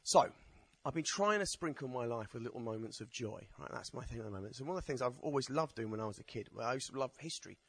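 A man's voice: mid-range voice, expressive, quick pace, hardly any pauses, slightly rough, no echo. Chatty self-mocking man. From Essex, England. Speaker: stand-up poet. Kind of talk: stand-up comedy with poetry performance.

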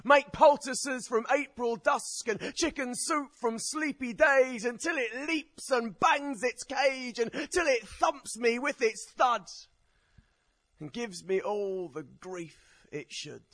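A man reciting a poem slowly and passionately, with a strong rhythm. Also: very high voice, fairly bright tone, no room sound. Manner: drawn-out, impassioned, rhythmic. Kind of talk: slow dramatic poetry recital.

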